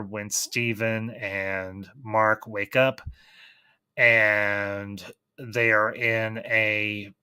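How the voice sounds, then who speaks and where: Clear, bright-voiced man reviewing a series. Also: fairly low pitch, no echo. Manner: thoughtful, enthusiastic, with frequent restarts. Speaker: film reviewer. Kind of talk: casual review monologue.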